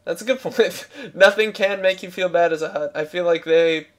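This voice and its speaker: A man's voice: high voice, moderate pace. A man hosting a podcast, joking wryly with his co-hosts and leading the segments. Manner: joking, wry, leads segments. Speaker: podcast host. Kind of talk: casual podcast banter.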